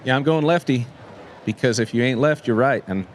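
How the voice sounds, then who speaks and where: A man's voice: mid-range voice, a little fast, a little hiss or hum. A man analyst in a casual panel chat, folksy and wisecracking. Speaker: rodeo analyst.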